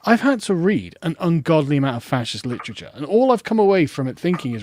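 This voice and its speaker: A man talking casually as a podcast guest, blunt and animated, swearing freely. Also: on the high side, fast talker, hardly any pauses, a little hiss or hum. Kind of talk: casual chat.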